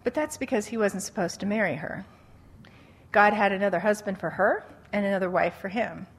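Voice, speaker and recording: Animated woman teaching on relationships. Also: medium pitch, a little fast, breathy edge. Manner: animated storytelling, acting out quotes, laughs often. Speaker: Christian speaker on dating. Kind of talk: conversational teaching talk.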